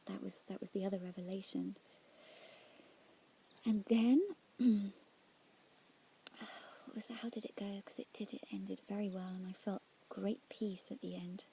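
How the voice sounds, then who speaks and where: A woman telling of a prayer experience in a reflective, halting way, often dropping into near-whispers. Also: medium pitch, steady tone, vocal fry, slight background noise. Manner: soft-spoken, drops often into near-whispers; halting and searching, with restarts. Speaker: Christian speaker sharing a prayer experience. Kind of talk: reflective personal testimony.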